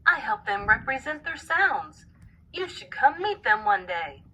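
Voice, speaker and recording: A woman's voice: fairly high pitch, big pitch swings, a little slow, sharp tone, slightly rough, full character voice, poor audio. A woman voicing Slash, an upbeat, sociable male storybook character, speaking cheerfully.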